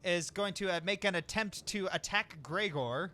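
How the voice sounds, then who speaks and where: A man's voice: sits high, moderate pace, bright, forceful tone. A man narrating as game master of a tabletop game, playful and chuckling, on a desk mic.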